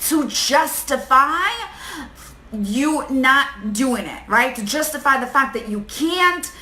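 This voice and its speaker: A young adult woman life coach talking live to viewers, chatty and animated, greeting people and acting out inner voices. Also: high-pitched, slow, echoey room, low-quality recording. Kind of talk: live-stream talk to viewers.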